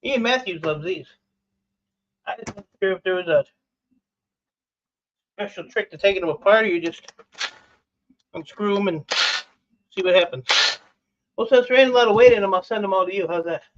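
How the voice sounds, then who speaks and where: Lo-fi audio captures a high-pitched man talking at a moderate pace with long pauses. He hosts a casual livestream, pulling apart electronic scrap and exclaiming with excitable enthusiasm about what turns up.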